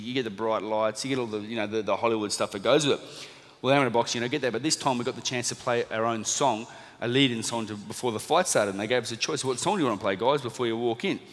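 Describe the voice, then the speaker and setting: A man with an Australian accent telling a lively story to a live audience, acting out the people he quotes. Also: lowish voice. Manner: animated storyteller, acts out quotes. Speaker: speaker at a seminar. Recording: long reverb of a hall.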